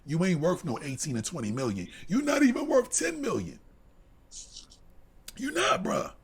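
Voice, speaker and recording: Man ranting hard, wildly swinging pitch. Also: wildly swooping pitch, moderate pace, vocal fry. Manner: heated, swings from low mutter to shouting. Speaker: podcast co-host. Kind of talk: profane sports rant.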